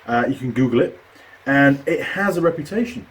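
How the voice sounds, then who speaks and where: A man, a mechanic and video host, chatting and telling animated stories while building a kit. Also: medium pitch, a little fast. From New Zealand. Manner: chatty, animated storyteller with a laugh. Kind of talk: casual chat while building a model kit.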